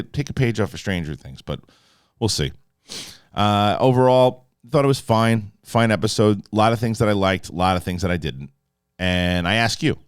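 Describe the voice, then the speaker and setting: A man doing a casual spoiler review of a TV episode, animated and joking, with loose profane talk and bits where he acts out the characters. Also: low voice, clear, resonant tone, dry recording, studio quality. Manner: animated, acts out characters in quick put-on voices. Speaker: film and TV reviewer.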